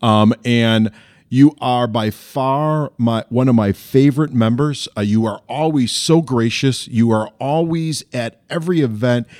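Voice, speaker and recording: A man's voice: mid-range voice, measured pace, a little mellow, no echo. A man hosting an interview call, enthusiastic, with frequent ums and uhs. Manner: enthusiastic, uses um and uh. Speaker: host.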